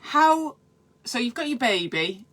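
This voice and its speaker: A woman's voice: on the high side, big pitch swings, measured pace, a bit bright. A woman midwife, giving chatty, encouraging advice in a casual live stream and talking straight to her viewers.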